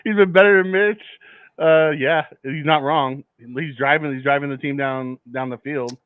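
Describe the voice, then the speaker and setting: A man co-hosting a casual live football watch party, speaking in a relaxed, measured way with frequent stumbles and restarts. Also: fairly high pitch, smooth, dry recording. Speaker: co-host of a sports watch-party stream. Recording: tinny phone-like line.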